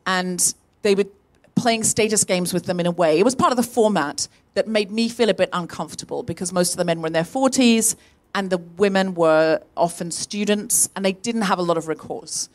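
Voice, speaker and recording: A middle-aged woman hosting a live comedy podcast, telling a story to an audience and jumping up in pitch whenever she acts out what others said. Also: moderate pace. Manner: animated, jumps up in pitch to act out quoted voices. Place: tent venue with a live audience.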